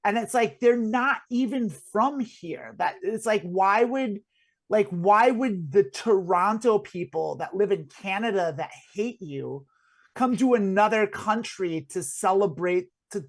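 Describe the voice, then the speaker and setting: A woman's voice: medium pitch, a little slow. A woman co-hosting a comedy podcast, rambling and joking with lots of fillers. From United States. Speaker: podcast co-host. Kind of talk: casual comedic chat.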